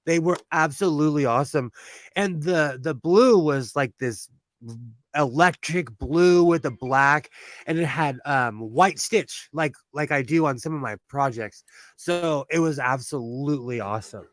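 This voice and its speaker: At a measured pace, a youthful-sounding man from California, with a Californian accent and a fairly high voice, chats casually during his sewing livestream. He laughs often and tends to restart sentences; the recording has no room sound.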